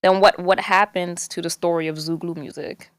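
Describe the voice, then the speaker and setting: A woman talking as a guest on a podcast, animated, laughing often and dropping in a French phrase. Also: on the low side, normal speed, dry recording, clean studio sound. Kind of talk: casual chat.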